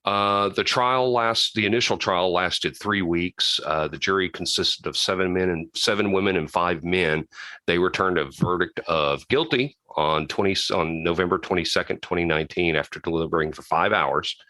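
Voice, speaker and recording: A man's voice: low-pitched, normal speed, sharp tone, dry recording, poor audio. A man co-hosting a podcast, casually recapping a true-crime case from notes, with frequent restarts and side comments. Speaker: podcast co-host.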